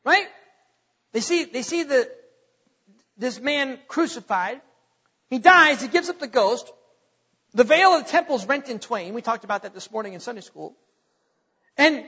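A man's voice: very high voice, a bit bright, slightly rough. A man preaching as pastor of a church, earnest and repeating his words as he questions the congregation. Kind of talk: sermon. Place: church sanctuary. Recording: dull, muffled recording with long hall echo.

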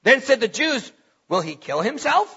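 High-voiced preaching man, lo-fi. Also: sing-song, moderate pace, gravelly, bright, forceful tone, husky. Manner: preaching with bursts of emphasis, reading scripture aloud. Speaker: pastor. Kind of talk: sermon.

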